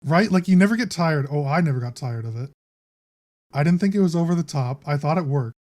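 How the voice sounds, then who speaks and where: A man's voice: on the high side, lively intonation, a little fast, a little mellow. A man co-hosting a casual podcast chat about movies, chatty and laughing often. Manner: chatty, laughs often, quotes lines in put-on voices. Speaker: podcast co-host.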